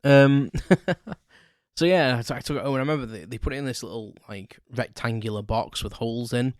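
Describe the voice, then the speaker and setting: A man's voice: mid-range voice, fairly quick, no room sound, clean studio sound. A man hosting a solo podcast, telling childhood stories in a rambling, self-correcting way with chuckles. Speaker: podcast host. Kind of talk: casual solo storytelling.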